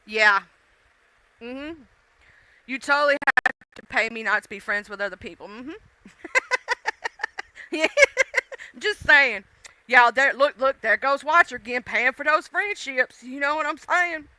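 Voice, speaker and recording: A woman's voice: sits high, measured pace, pauses often, bright, forceful tone, slight background noise. A woman hosting a casual livestream, chatting playfully with viewers with lots of fillers and laughs. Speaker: livestream host.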